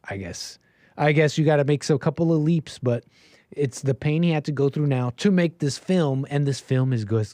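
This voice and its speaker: A man hosting a livestream, ranting in commentary style with animated bursts and lots of restarts. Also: medium pitch, no room sound. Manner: animated, rapid restarts, sudden loud bursts. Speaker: livestream host.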